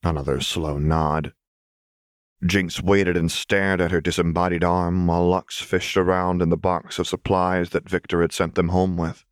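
A man with a very deep voice reads fan fiction aloud in a calm, measured storytelling manner. The recording is close and dry, with no room sound. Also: no room sound. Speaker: audiobook narrator. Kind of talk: scripted narration of fan fiction.

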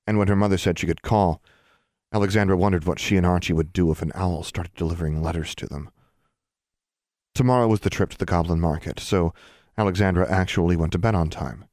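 Deep-voiced man narrating an audiobook. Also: darkish tone, dry recording, studio quality. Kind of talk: scripted narration.

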